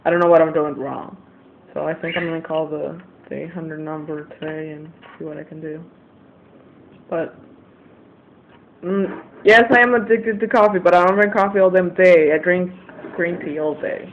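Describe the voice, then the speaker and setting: High-voiced teen guy venting on a tinny webcam. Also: normal speed. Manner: rambling, venting, frustrated. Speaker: vlogger. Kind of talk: casual confessional vlog. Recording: tinny lo-fi webcam audio, faint hiss.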